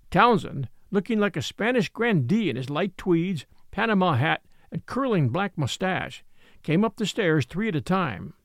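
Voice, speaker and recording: A man narrating a classic short story in an expressive, animated reading. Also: high voice, moderate pace, no echo, studio quality.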